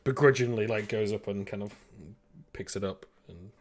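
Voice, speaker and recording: A man's voice: lowish voice, moderate pace. A man narrating a sci-fi tabletop game as game master, rambling with many fillers and restarts.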